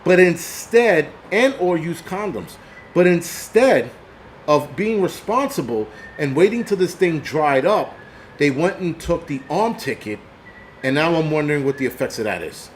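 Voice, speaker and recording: A man's voice: fairly high pitch, sing-song, normal speed, a little hiss or hum. A man hosting his own channel, ranting angrily and swearing through a casual monologue. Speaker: channel host. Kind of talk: profane rant vlog.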